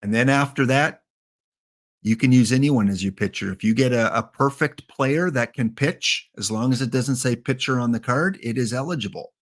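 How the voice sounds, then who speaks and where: A man's voice: medium pitch, normal speed. A man streaming a baseball sim game, chatting casually, joking and thanking viewers as he plays. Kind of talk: casual live-stream chat while playing.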